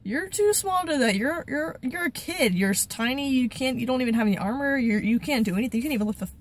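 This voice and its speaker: A woman's voice: high voice, animated, quick pace, voice pushed up. A woman voicing a blustering older king who scolds a boy, emphatic and exasperated.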